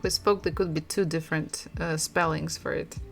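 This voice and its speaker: A woman teaching a language lesson, repeating sounds slowly and laughing often. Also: deep voice, fairly even intonation, vocal fry, faint music behind. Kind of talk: slow, patient language lesson.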